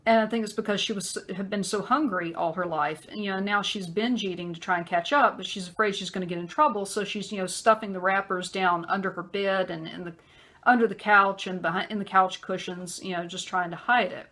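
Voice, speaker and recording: A woman telling a personal story in a conversational vlog, with many fillers and pauses. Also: mid-range voice, fairly bright tone. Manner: acts out a harsh man's voice in quotes. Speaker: vlogger.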